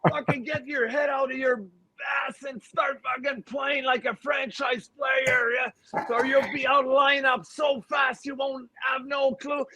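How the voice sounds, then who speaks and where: A man doing an impression of a profane, angry male hockey coach berating his players, shouting and swearing. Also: very high-pitched, little pitch movement, a little slow, breathy edge, voice pushed up, heavily acted. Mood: furious shouting. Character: furious middle-aged male hockey coach, yelling, profane.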